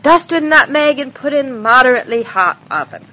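An actress playing a scatterbrained, excitable young pregnant wife in a 1940s-style radio drama. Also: female voice, high voice, normal speed. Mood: muttering. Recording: dull old radio recording.

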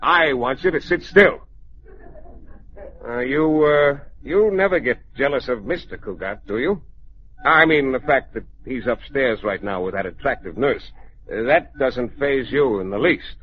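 A man's voice: mid-range voice, animated, a little slow, slight background noise, close to an everyday voice. An actor playing a vain, eccentric male painter with a grand, theatrical, mocking manner, in 1940s radio sitcom style. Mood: sly. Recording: dull lo-fi old radio recording.

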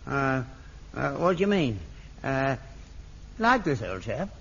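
An actor playing a crude, cheeky older father with a husky voice. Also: mid-range voice, sing-song, slow, a bit bright, full character voice. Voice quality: rough, coarse, mischievous. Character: crude old rag-and-bone father, cheeky joker. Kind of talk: sitcom acting. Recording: dull lo-fi old TV recording.

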